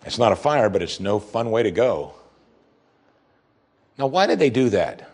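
A man's voice: on the low side, sing-song, moderate pace, a little mellow, breathy edge. A man preaching a sermon, reading scripture aloud and commenting on it with rising emphasis. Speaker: pastor.

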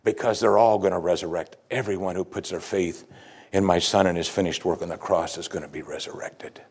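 A man preaching a sermon, animated, acting out the quoted speakers and swinging between loud emphasis and hushed lines. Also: low voice, brisk, slightly rough. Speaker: pastor.

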